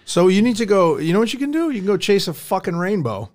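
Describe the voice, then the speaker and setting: A man's voice: high voice, big pitch swings, fast, a little mellow. A man co-hosting a comedy podcast, exasperated and swearing in disbelief. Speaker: podcast co-host. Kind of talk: casual comedy banter.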